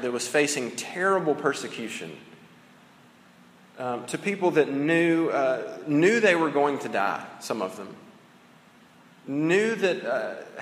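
A man in his thirties preaching a sermon in a conversational way, with fillers and restarts. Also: mid-range voice. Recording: echoey hall with long reverb.

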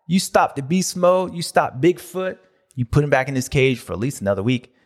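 A man hosting a racing recap show in a jokey, slangy, excitable way. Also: on the high side, a little fast. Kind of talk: comedic recap commentary.

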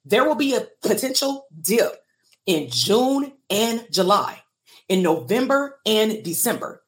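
A woman's voice: on the high side, animated, slow. Candid woman coach talking live. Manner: emotional, candid, laughs often, swears. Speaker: business coach for therapists. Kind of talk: casual live stream talk to viewers.

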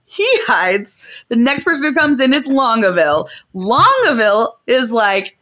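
A woman's voice: fairly high pitch, unhurried. A woman hosting a casual comedic recap of a play, telling it in slangy modern voices. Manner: animated, puts on slangy voices for characters. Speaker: podcast host retelling a play.

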